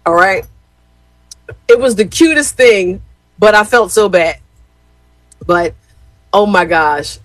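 A woman's voice: on the low side, animated, slow, pauses often, no room sound, poor audio. A woman in her fifties telling a rambling family story to her viewers, chatty, with lots of fillers and "y'all". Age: 50s. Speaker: former gospel radio host.

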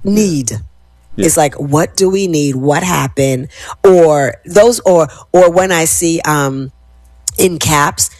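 A woman hosting a wellness talk, leading listeners through calming affirmations in a measured, soothing way and dropping to whispers on key words. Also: low-pitched, no echo. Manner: slow, measured, soothing delivery that drops to whispers. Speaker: wellness host.

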